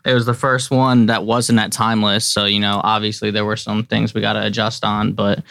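A man with a gravelly but smooth voice and a flat, even delivery chats in a tired, laid-back way. He is a studio engineer speaking close to a mic, with a dry sound. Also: on the low side, brisk, no echo. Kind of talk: casual chat.

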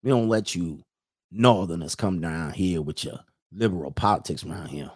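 A man voicing a menacing older male sheriff with a slow, low Mississippi drawl. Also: breathy edge.

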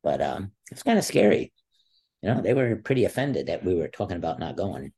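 A man's voice: a little fast, slightly rough. A man in his sixties, an interview guest telling a long story in a casual way, acting out what others said. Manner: animated storyteller, acts out quotes with a raised pitch. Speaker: interview guest, former wrestler.

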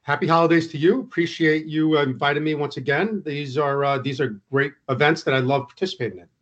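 A man guesting on a podcast, answering in earnest business-speak with scattered fillers. His voice is a touch high and husky. The remote audio is dull and lo-fi. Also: fast, a bit bright. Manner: earnest, corporate phrasing with fillers.

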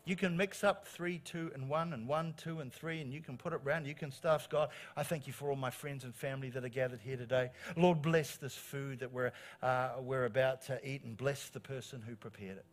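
A middle-aged man, preaching a sermon as pastor in an animated, encouraging way, repeating phrases for emphasis. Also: medium pitch, a little fast, hardly any pauses. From New Zealand.

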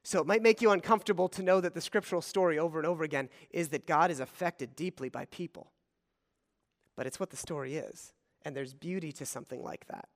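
A man preaching a sermon, swinging between loud, emphatic scripture reading and quiet, low asides. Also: fast. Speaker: pastor. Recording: long hall reverb.

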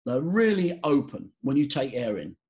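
A man talking as a voice coach guest in a podcast interview, leading a breathing exercise in a theatrical, animated way. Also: moderate pace. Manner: animated, theatrical, jumps high for emphasis.

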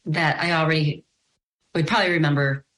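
A middle-aged woman with a faint Chicago accent and a notably low voice. She talks in a warm, chatty way as a podcast guest, often restarting her sentences. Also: steady tone, brisk. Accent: slight Chicago. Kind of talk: casual conversational interview.

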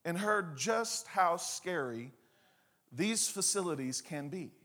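A man preaching a sermon, telling a personal story with lively, acted-out scenes and asides to the congregation. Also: high-pitched, slow. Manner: animated storyteller, acts out scenes and quotes. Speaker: pastor.

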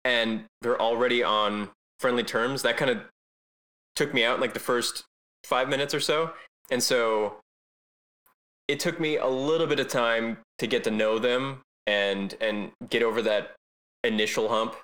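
A man talks through his take on a movie in a relaxed podcast, his voice bright and forward. He often trips over his first words and restarts, then keeps going in an easy conversational flow. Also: medium pitch, measured pace. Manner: stammering restarts. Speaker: podcast co-host. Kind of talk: casual movie discussion.

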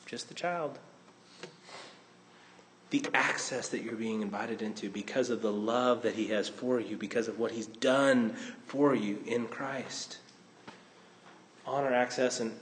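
A male pastor preaching a sermon, swinging between loud exclamations and hushed asides. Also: medium pitch, a little hiss or hum.

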